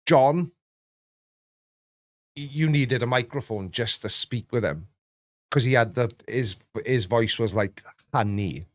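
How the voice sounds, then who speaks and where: A man hosting a casual chat, rambling and jokey, often jumping up in pitch. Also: slow, pauses often, dry recording. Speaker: YouTube reaction host.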